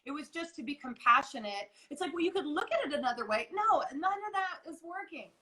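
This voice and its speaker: A woman's voice: high-pitched, big pitch swings, fairly quick, sharp tone, poor audio. A woman in her forties, a guest coach, chatting earnestly on a video call, rambling with restarts and quoting herself. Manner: earnest, rambling, many restarts and acted quotes. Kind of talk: casual live interview chat.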